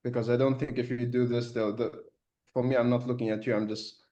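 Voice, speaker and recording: A man's voice: mid-range voice, little pitch movement, brisk, dark tone, muffled recording. A man on a video call earnestly asking the coach a question. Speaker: coaching participant.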